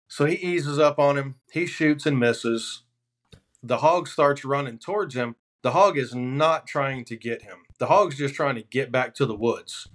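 A man's voice: medium pitch, measured pace. Man spinning hunting yarns. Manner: animated, deadpan punchlines in anecdotes. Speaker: hunting outfitter guest. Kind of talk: casual podcast storytelling.

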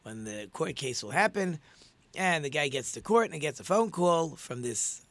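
A middle-aged man who leads prayers gives an informal religious teaching. His voice sits a little high for a man, and he talks earnestly, repeating key words to drive them home. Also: sing-song, normal speed, fairly bright tone, dry recording.

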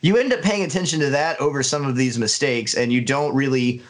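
A man co-hosting a casual film review podcast, talking in an earnest, analytical way with frequent pauses and fillers. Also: mid-range voice. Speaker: podcast co-host.

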